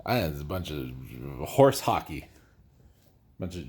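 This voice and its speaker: A man's voice: low-pitched, very animated, unhurried, darkish tone, slightly rough. A man chatting casually and bluntly while he builds, drifting into stories and joking about himself. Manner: rambling and outspoken, jokes about himself. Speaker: DIY builder host.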